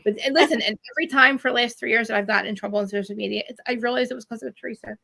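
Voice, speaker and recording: A woman with a New Jersey accent, chatting as a podcaster guest on a video call, animated and laughing, swearing freely. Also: fairly high pitch, rapid-fire, creaky. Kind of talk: casual chat.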